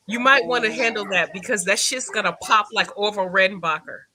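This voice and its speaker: A woman's voice: mid-range voice, brisk, crowd noise. A woman co-hosting a live stream who gives readings in a direct, slangy way. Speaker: co-host. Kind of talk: casual live-stream chat.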